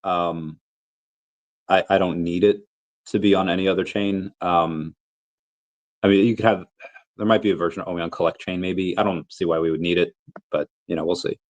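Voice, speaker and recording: A man's voice: low voice, level tone, moderate pace, long pauses, darkish tone, highs cut off. A man in his thirties with the flu, coughing now and then, hosting a casual livestream Q&A and rambling through his thoughts with many restarts. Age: 30s. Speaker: crypto livestream host.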